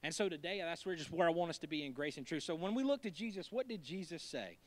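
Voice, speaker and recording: A pastor preaches to his church with a fairly high, light voice. He talks like a friend, cracking jokes, dropping to a hush and then pushing hard on a point. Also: lively intonation, fast talker. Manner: conversational and joking, swinging from hushed to emphatic. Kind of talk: sermon.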